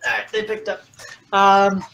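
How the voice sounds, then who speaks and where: Guy chatting casually in an interview, upbeat and animated, lots of "like". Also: high voice, a little slow, gravelly, dull audio. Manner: energetic, animated storytelling with many "like"s. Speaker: fitness coach guest.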